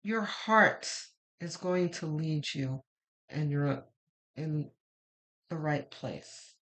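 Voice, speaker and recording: A woman's voice: deep voice, extremely slow, a bit bright. A middle-aged woman giving a casual, meandering tarot reading, chatty and full of fillers. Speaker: tarot reader.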